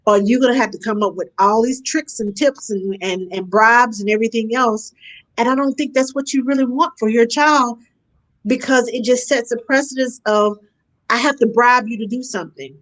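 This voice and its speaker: Animated woman giving nanny advice. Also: a little high. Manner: animated, acts out parents and kids in quick asides. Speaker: nanny guest. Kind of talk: casual advice conversation.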